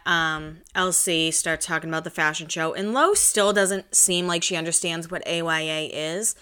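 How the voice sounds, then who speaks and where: A woman's voice: fairly low pitch, sharp tone, smooth. A woman in her twenties recapping a reality show in casual chat. She swears often and acts out the quotes. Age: 20s.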